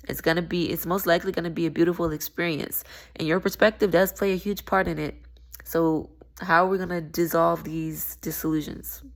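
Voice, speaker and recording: A young woman with a fairly low-pitched voice talks in a loose, rambling vlog style. She laughs often and drifts between stories and spiritual reflection. The delivery is casual and conversational. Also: vocal fry. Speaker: spiritual vlogger. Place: at a pool.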